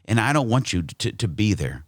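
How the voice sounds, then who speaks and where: An American man hosting a podcast, talking in a joking, animated way with frequent restarts. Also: on the low side, normal speed, no echo, studio quality. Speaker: podcast host. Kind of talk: casual podcast chat and monologue.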